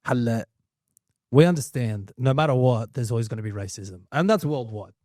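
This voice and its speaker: A man's voice: medium pitch, normal speed, mellow, dry recording, studio quality. A man in his thirties hosting a podcast, jumping in with emphatic, casual remarks. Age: 30s. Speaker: podcast host. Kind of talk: casual chat.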